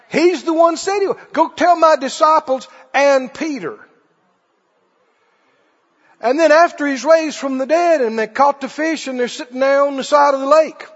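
A man preacher delivering a fervent sermon and firing rhetorical questions at his congregation. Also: extremely high pitch. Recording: dull recording with long hall reverb.

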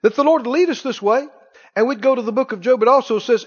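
A man's voice: extremely high pitch, quick pace, husky, dull audio. A man preaching a fiery, colloquial sermon with mocking asides to the congregation.

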